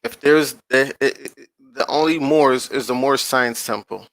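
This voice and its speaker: A man hosting his online channel, reading aloud from a screen-shared page and commenting in a slow, drawn-out way, often checking in with his viewers and talking to them in casual slang. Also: mid-range voice, fairly bright tone, dry recording, poor audio.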